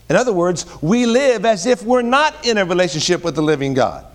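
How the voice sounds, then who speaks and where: A middle-aged male pastor with a notably high voice preaches a sermon. He swings between loud, emphatic peaks and quiet, low asides. He often restarts phrases and repeats words mid-thought. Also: animated, brisk, hardly any pauses.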